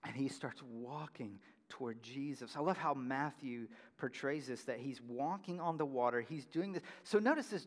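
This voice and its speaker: A man preaching a sermon as pastor, animated, swinging between loud emphasis and hushed near-whispers. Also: a little high, long reverb tail.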